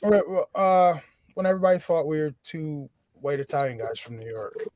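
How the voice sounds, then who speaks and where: A man's voice: a little high, expressive, moderate pace, a little mellow. A man joking animatedly in casual podcast banter.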